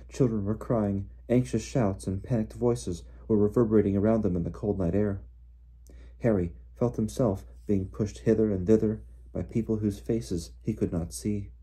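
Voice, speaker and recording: A man reading a novel aloud in steady storybook narration. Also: on the low side, slightly rough. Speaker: audiobook reader.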